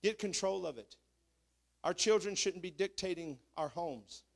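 A man's voice: high voice, unhurried, vocal fry. A male pastor preaching a fervent sermon in church, calling out to the congregation as he drives his points home.

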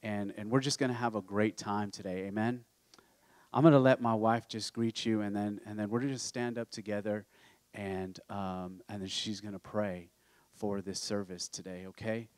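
A low-pitched man preaching to his congregation in a relaxed and chatty way. He restarts his phrases often, and his voice sounds dry and close. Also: moderate pace, dry recording. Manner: casual, repeats himself and restarts. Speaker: pastor. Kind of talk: sermon. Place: church.

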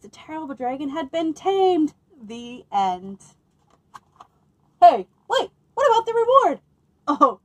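A woman reads picture books aloud for children, taking her time and leaning into each line with expressive, playful delivery. Her voice sits fairly high and she breaks off for amused little asides. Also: poor audio. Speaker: children's librarian.

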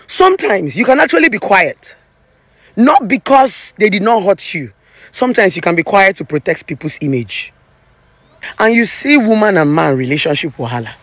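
A Nigerian woman in her thirties lectures her viewers like a relationship therapist, emphatic and preachy, with Pidgin mixed into her English. Her voice leaps up and down in pitch. The sound is dry with no room echo. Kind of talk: opinion vlog rant.

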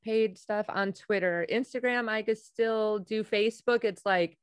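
A woman hosting a casual podcast chat, talking bluntly with lots of swearing and loud laughter. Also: mid-range voice, measured pace, smooth, no room sound, clean studio sound. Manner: profane, blunt, laughs loudly. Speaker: podcast host; comedian.

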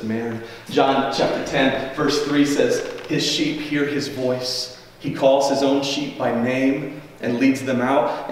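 A man's voice: medium pitch, slight background noise. Man preaching in an echoey church. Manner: earnest, conversational preaching with repeated asides. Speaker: pastor. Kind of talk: sermon. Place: church sanctuary. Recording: echoey church hall, mic at a distance.

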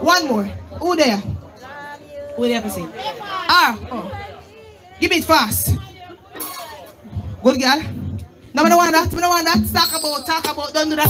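A high-pitched Jamaican woman working a dancehall stage, calling out shout-outs with big energy. Her voice rides over heavy hip hop music and a loud, cheering crowd at a live club event. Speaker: dancehall artist.

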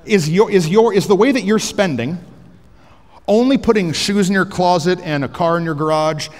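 This male pastor speaks at an ordinary pace in a fairly high register, the large hall audible around him. Wearing a headset mic in a sizable church auditorium, he delivers his sermon with energy and humor, sometimes rising to a shout for emphasis.

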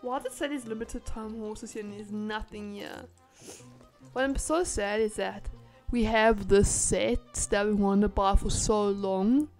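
A woman who is sick, chatting excitedly and reading game text aloud as she plays. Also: mid-range voice, a little slow, soft background music. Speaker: gaming channel host. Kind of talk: casual gameplay commentary.

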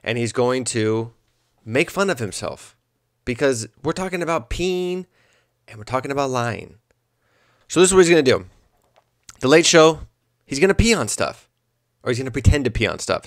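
A man's voice: mid-range voice, moderate pace, pauses often, no room sound, clean studio sound. Rambling man hosting a comedy podcast. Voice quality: animated, rambling. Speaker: podcast host. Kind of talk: casual comedic monologue.

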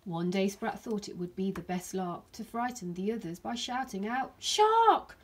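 A woman, a primary school teacher, reading a rhyming picture book aloud to her class in a gentle storytelling manner. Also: mid-range voice, moderate pace, husky.

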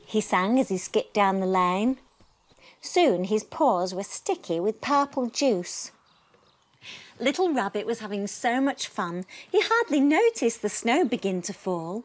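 A woman gently reading a children's bedtime story aloud in a soothing, expressive way. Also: mid-range voice, unhurried.

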